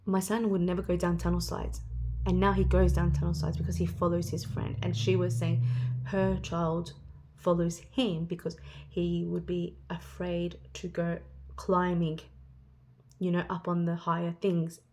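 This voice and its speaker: A woman's voice: on the low side, monotone, a little slow, a little mellow. A woman in her thirties talking casually to her viewers, rambling and chatty, acting out what other people say. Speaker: vlogger. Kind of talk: casual chat.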